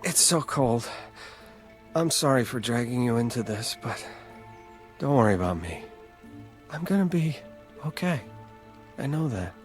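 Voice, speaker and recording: A man's voice: mid-range voice, animated, measured pace, long pauses, soft background music, lightly acted. An actor playing a wounded man who is dying after being shot, gasping and desperate. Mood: fading. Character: wounded dying adult man, pleading brother. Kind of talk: video game voice acting.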